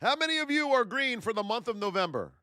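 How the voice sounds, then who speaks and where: A man's voice: very high voice, very animated, fast talker, sharp tone, clear, resonant tone, no room sound, clean studio sound. A man in his thirties hosting a live trading stream, hyped up, calling out viewers' names and calling them his beauties. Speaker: trading educator and livestream host.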